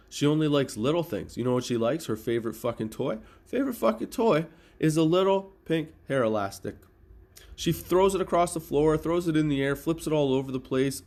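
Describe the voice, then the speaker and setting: Middle-aged male podcast host, mid-pitched, profane and animated comic storyteller. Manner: profane, animated, laughs at own stories. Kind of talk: casual comedic storytelling.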